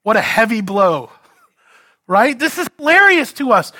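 A man preaching an expository sermon, asking rhetorical questions and swinging between loud emphasis and hushed lines. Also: extremely high pitch, sing-song, a little slow, no room sound, clean studio sound. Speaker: pastor.

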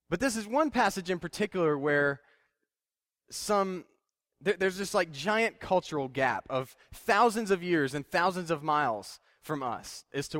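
A man's voice: on the high side, a bit bright, no room sound, studio quality. A young man preaching a conversational sermon, plain-spoken and self-deprecating, with frequent fillers and restarts. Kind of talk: casual sermon.

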